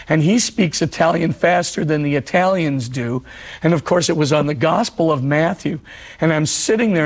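A man giving a spiritual teaching talk on prayer, measured and reflective, telling stories with frequent fillers. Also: on the high side.

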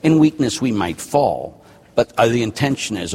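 A man who is a Catholic priest, chatting animatedly and acting out quoted dialogue in a husky voice. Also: medium pitch, very animated, moderate pace, a little mellow, in a large hall. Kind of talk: casual chat.

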